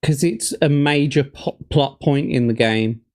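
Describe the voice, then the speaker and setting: A man hosting a gamebook stream, recapping the game in a measured way and gently teasing his guest. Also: a little high. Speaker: host and game runner. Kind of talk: casual chat on a gamebook stream.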